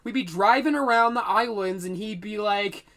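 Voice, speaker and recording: A man's voice: high voice, moderate pace, a bit bright. A young man telling a rambling, profane storytime vlog.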